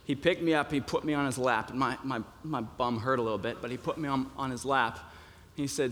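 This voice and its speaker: A man's voice: medium pitch, steady tone, brisk, a bit bright. A young man preaching a sermon in a conversational way, with many fillers and restarts. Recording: long reverb of a hall.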